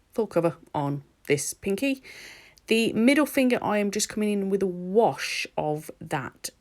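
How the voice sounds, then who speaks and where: A woman narrating her nail art in a chatty, rambling voice-over recorded at home. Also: on the low side. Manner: chatty and rambling, with laughs and ums.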